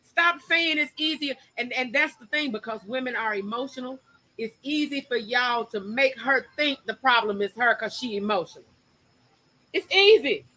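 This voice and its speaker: A woman co-hosting a podcast talks in a bright, forceful voice on the high side, animated and opinionated in casual chat. She rushes ahead when pressing a point, and the audio quality is poor.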